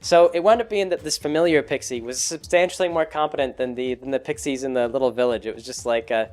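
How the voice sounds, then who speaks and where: A man's voice: on the high side, lively intonation, fast, few pauses. A man casually recounting a tabletop campaign he ran as game master, rambling with many fillers. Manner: rambling, full of fillers and restarts. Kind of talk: casual chat.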